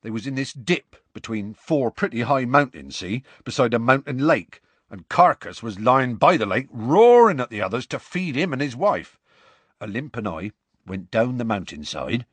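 A man voicing Hagrid, a big gruff half-giant who tells the story in rough, homely speech. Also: mid-range voice, big pitch swings, no room sound. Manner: rough colloquial grammar, slow homely storytelling.

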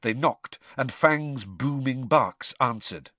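A man narrating an audiobook in an expressive, measured way. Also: mid-range voice, dry recording.

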